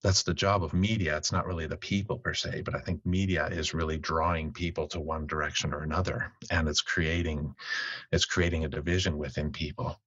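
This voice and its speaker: A man's voice: extremely low pitch, flat delivery, a little fast, a bit bright, slightly rough, no room sound. A man from Canada, his English carrying a slight Finnish tinge, talks reflectively as a podcast guest and often restarts phrases while searching for words. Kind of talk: casual interview talk. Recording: dull lo-fi dry sound.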